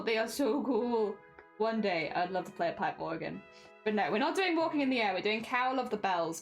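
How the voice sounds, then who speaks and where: A woman livestreamer chatting casually with viewers while crafting, giggly and rambling, laughing often. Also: on the high side.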